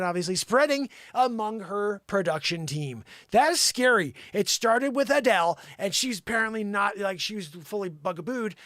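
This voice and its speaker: A man hosting a vlog, reading a news story aloud with chatty asides and sudden excited shouts. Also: high voice, no room sound, clean studio sound. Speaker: vlog host.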